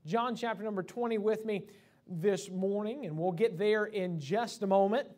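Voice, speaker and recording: High-voiced preacher giving a sermon. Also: male voice, normal speed, a little mellow. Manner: conversational preaching with many fillers and restarts. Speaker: pastor. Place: church sanctuary.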